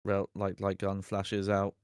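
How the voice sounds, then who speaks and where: A man's voice: low voice, completely flat delivery, measured pace, a little mellow, clear, resonant tone, no room sound, clean studio sound. A man co-commentating a casual game stream, making laid-back, amused asides.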